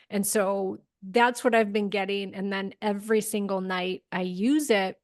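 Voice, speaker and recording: A woman hosts a podcast, chatting casually and animatedly retelling her experiences with lots of "like" in her speech. Her voice is mid-range, at normal speed with few pauses.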